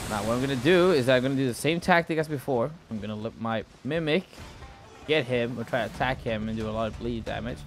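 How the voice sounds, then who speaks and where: A man's voice: medium pitch, quick pace. A man giving live gameplay commentary as a gaming YouTuber, rambling and repeating words, with frequent exclamations. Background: background music.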